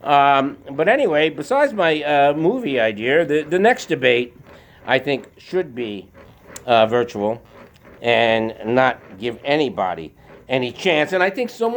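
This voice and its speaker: Man, slightly high voice, rambling casual opinion vlog from a garage, lots of fillers. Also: a little hiss or hum. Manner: rambling political commentary with many fillers; talking while working out. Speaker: vlogger. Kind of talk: casual monologue. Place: home garage.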